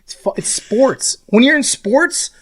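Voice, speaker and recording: A man's voice: very high-pitched, a little slow, slightly rough. A young man co-hosting a casual podcast, ranting about sports with swearing and mocking put-on quotes. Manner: animated, swearing, mocking impressions. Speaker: podcast co-host.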